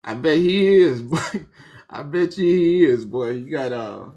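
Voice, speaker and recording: A co-host in a casual commentary chat who talks excitedly. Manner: excitable, laughs high and often.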